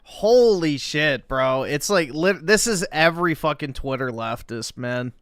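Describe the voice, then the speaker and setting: A man's voice: a little high, animated, unhurried, a bit bright, clear, resonant tone, no room sound, clean studio sound. A man mocking the subject of the video in profane livestream commentary.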